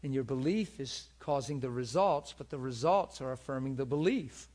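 A man's voice: mid-range voice, expressive, moderate pace, a little mellow. A man preaching a storytelling sermon in an earnest way, often checking that his listeners follow him.

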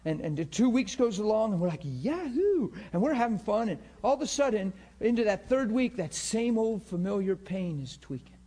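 A middle-aged man teaching a class on healing in a loose, animated sermon style, acting out the people he quotes. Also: high-pitched, brisk, few pauses. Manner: animated storytelling, acts out quotes in voices.

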